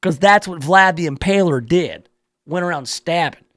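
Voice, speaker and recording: A man's voice: fairly high pitch, normal speed, fairly bright tone, no echo. A male radio talk show host reading a news story aloud in a playful, riffing way, drawing out words for emphasis in his studio.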